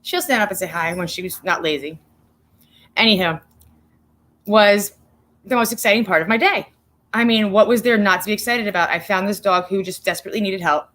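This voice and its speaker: A woman hosting her own livestream in a loose, unscripted way, stopping to greet viewers by name between stories. She is blunt and profane, and her voice is bright and forceful. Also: mid-range voice, steady tone, fairly quick, long pauses. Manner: blunt, profane, talks straight to chat. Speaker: livestream host. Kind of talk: casual livestream chat.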